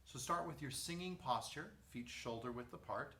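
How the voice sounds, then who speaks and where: A man teaching a vocal lesson, guiding breathing and posture in a calm, step-by-step way. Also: mid-range voice, moderate pace, few pauses. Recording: echoey room, mic at a distance.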